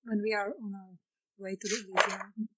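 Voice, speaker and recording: A woman player in a tabletop vampire game, speaking earnestly and haltingly. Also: medium pitch, little pitch movement, sharp tone, husky, poor audio. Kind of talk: tabletop role-play chat.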